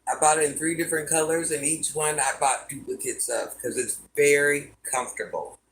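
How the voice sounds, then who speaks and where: In a low, steady voice at a moderate pace, a woman in her fifties chats on a livestream from home. She reads out what her viewers write and gives each comment a relaxed reply, against slight background noise.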